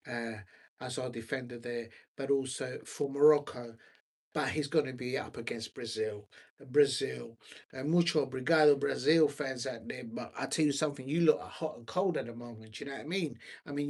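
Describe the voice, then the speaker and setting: A man hosting a football chat on his own, rambling and hesitant, full of ums and restarts while he searches his notes. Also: mid-range voice. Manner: scattered, searching through notes while talking. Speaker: football watch-along host.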